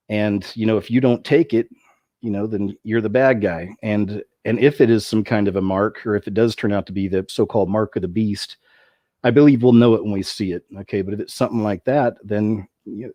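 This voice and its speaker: A lower-pitched man rambling through his commentary, full of asides and restarts. The recording is dry and close, with no room sound. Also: mellow, no echo. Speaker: video commentator.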